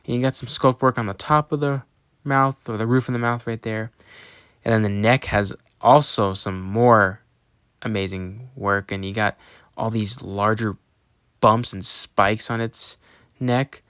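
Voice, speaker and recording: Young male toy reviewer, excitable and halting, dry close sound. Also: fairly low pitch, clear, resonant tone, no echo. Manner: enthusiastic, many ums and restarts. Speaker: toy reviewer, channel host. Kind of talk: casual review to camera.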